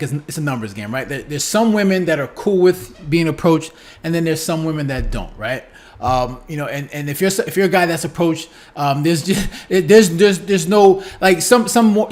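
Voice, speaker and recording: A man giving casual reaction commentary on a clip, stumbling over repeated words and tagging "right?" onto his points. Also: fairly high pitch. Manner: repeats words, restarts, keeps asking "right?".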